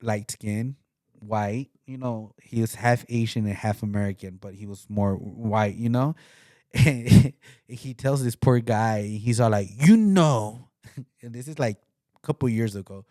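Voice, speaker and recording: A man's voice: on the low side, measured pace, mellow, no room sound. Rambling man with a dry close sound. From came to Utah. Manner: rambling, repeats words, laughs mid-sentence. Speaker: podcast co-host. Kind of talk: casual chat.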